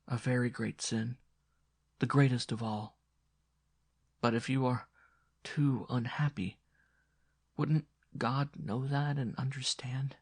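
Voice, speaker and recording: A man playing a soft-spoken hospital nun. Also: mid-range voice, steady tone, slow pace, long pauses, slightly rough, no room sound, studio quality, voice pushed up. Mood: soothing. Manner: hushed, soothing, prayerful.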